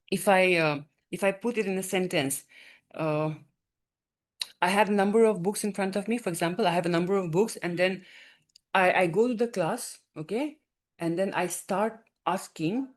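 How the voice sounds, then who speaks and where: Woman, grammar teacher, low voice, repetitive check-ins. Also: a little mellow. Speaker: exam prep teacher. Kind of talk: explaining grammar to students.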